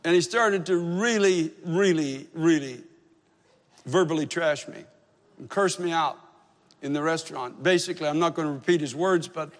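A man's voice: fairly high pitch, moderate pace. A man preaching a sermon as pastor, telling a story in an earnest, emphatic way. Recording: long hall reverb.

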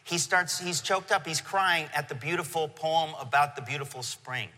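A middle-aged man preaching a sermon to a congregation, telling a story with animated emotion. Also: on the high side, normal speed. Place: church venue. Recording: long hall reverb.

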